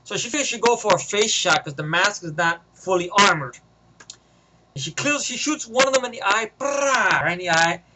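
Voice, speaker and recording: A man vlogging, rambling through a movie pitch in casual slang and swearing, in a noisy home recording. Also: expressive, normal speed.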